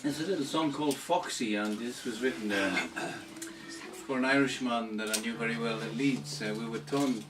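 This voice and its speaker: A man's voice: mid-range voice, moderate pace. A man, a folk singer telling a story on stage at a live pub gig, chatty with laughing asides. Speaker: folk singer introducing a song. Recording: echoey live room from far off, guitar.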